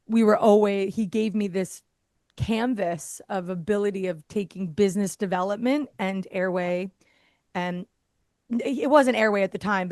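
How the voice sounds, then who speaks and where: A woman's voice: medium pitch, no echo. A woman guest on a podcast, an airway therapist, telling a story casually, laughing often and acting out other people's lines. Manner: lively, acts out quoted dialogue.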